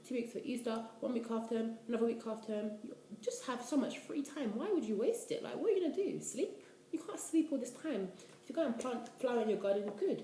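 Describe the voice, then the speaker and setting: A woman in her twenties from the UK, a university student giving casual life advice in an animated, chatty way. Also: on the high side. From United Kingdom. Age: 20s. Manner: chatty, animated, preachy asides. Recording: echoey room, faint noise.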